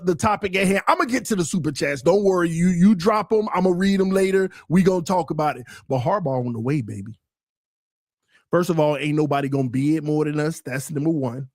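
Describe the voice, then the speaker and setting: A high-pitched man hosting a live sports talk stream, loud and excitable, looping back over the same lines in heavy slang. His voice sits close and dry on the mic, with no room around it. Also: dry recording. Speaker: podcast host.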